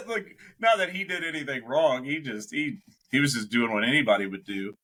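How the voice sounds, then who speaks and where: A man's voice: medium pitch, a little fast, a bit bright. A young man, a podcast co-host, telling a rambling, swearing anecdote in casual chat, laughing as he goes.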